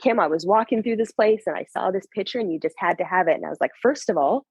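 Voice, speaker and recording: A young adult woman, a podcast guest, telling an emotional personal story in a candid, animated way, laughing through it. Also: mid-range voice, racing, husky, no room sound, poor audio.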